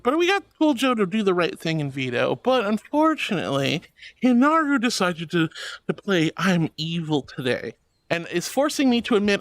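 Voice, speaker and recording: A woman's voice: lowish voice, very animated, normal speed, no room sound. Playful, theatrical woman streamer. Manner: playful and theatrical, mock-indignant protests; affectionate greetings to chat. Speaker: streamer chatting with viewers. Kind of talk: casual live-stream chat.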